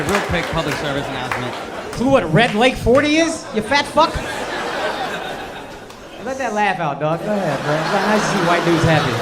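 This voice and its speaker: A brash stand-up comic with a high, lively voice that swings all over as he rants and shouts punchlines. He's a man in his thirties working a live stage, and a big audience keeps roaring with laughter behind him. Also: very noisy. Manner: brash, profane, animated delivery with shouted punchlines. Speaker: stand-up comedian. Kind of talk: stand-up comedy set. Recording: live club recording with loud crowd. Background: loud audience laughter.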